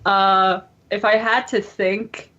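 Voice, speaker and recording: A woman's voice: mid-range voice, takes it slowly, dull audio. A young woman hosting a casual podcast chat, telling stories with lots of laughter and quoted voices. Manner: giggly, animated storytelling with quoted voices. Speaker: podcast host.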